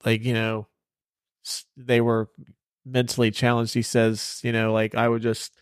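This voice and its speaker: A man's voice: mid-range voice, completely flat delivery, unhurried, clear, resonant tone, no room sound, clean studio sound. A man hosting a podcast, chatting loosely about a film with many fillers and casual swearing. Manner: loose, filler-heavy, profane. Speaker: podcast host. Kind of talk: casual movie review chat.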